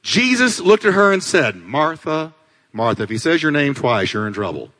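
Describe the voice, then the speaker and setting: A male pastor delivering a dramatic sermon, swinging from loud climaxes to low asides. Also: huge pitch swings, a little fast. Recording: long hall reverb.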